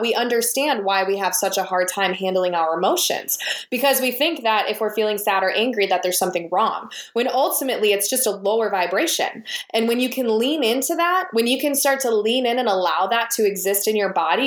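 A young woman talks earnestly and at length as an interview guest, reflective and steady at a mid pitch. Her voice sits in a roomy space with a noticeable echo. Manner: earnest, reflective, talks in long flowing runs. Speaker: podcast guest. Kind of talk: conversational interview. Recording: roomy, echoey sound.

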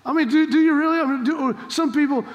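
A pastor preaching an emphatic sermon, full of rhetorical questions and rising to shouts. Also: male voice, extremely high pitch, quick pace. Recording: long hall reverb.

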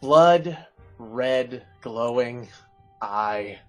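Casting: unhurried, teasing game master man narrating a tabletop session. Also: medium pitch, lively intonation, soft background music. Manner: playful, laughs at his own twists.

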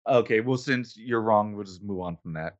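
A man's voice: lowish voice, moderate pace, dull audio. Teasing male podcast host. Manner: playful, teasing banter. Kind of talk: casual chat.

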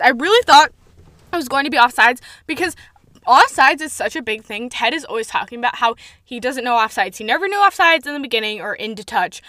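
Excitable high-voiced woman podcaster. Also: a little fast, dry recording, studio quality. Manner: animated, gushing fan, swears for emphasis. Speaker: podcast host. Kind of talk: solo podcast review, excited ranting. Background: faint intro music at the end.

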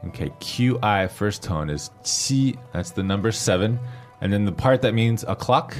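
A man leads a language lesson in a fairly low voice, slowly and patiently spelling out pinyin letter by letter. Soft music plays faintly behind him. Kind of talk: explaining grammar in a lesson dialogue.

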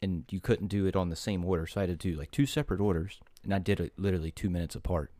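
A man's voice: low-pitched, rapid-fire, no room sound. A man co-hosting a casual podcast, telling stories animatedly with swearing and mocking asides. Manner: animated storyteller, swears, rises into mocking quotes. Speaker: podcast co-host.

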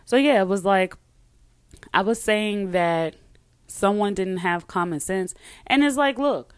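A woman's voice: mid-range voice, unhurried, clear, resonant tone, dry recording, studio quality. A woman hosting a podcast, talking on her own in a chatty, emphatic way and often trailing off and starting over. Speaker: podcast host. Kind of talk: casual solo talk with a read sponsor ad.

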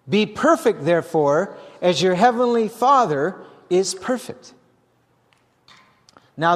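An older man, a pastor, preaching a sermon with lively asides and questions to the congregation. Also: high voice. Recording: long hall reverb.

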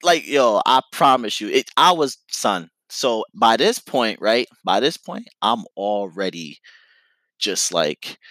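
Young man, casual storyteller, animated and profane; lowish voice with lots of swing, dry recording. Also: a little slow, dry recording. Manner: animated, profane, slangy, lots of filler phrases.

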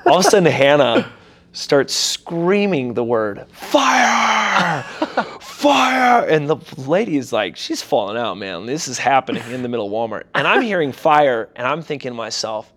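A man's voice: mid-range voice, expressive, normal speed. A young adult man, a pastor, telling a personal story casually in an interview and animatedly acting out quoted voices.

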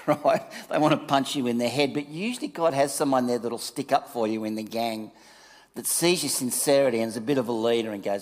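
A man giving a conversational sermon, reading scripture and telling stories with lively asides. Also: medium pitch, fairly quick. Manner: conversational, animated storytelling with asides. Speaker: preacher. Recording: long reverb of a hall.

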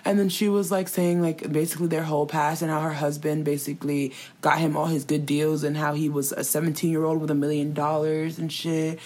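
A woman telling gossip in casual chat, animated and slangy, swearing and acting out quotes. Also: low voice, brisk, hardly any pauses.

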